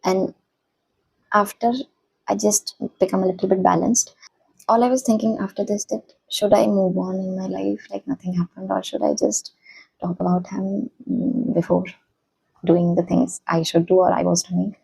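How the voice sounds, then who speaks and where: A young woman, a college student, talking softly and haltingly in a personal reflective vlog. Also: medium pitch, little pitch movement, vocal fry, breathy edge, low-quality recording. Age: young adult. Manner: soft-spoken, hesitant, halting.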